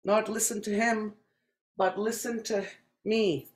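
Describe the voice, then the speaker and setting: Patient language teacher from Saskatchewan, mid-pitched, very slow delivery, roomy echo. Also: flat delivery. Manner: repeats each word slowly and deliberately, patient explaining. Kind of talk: slow spoken language lesson.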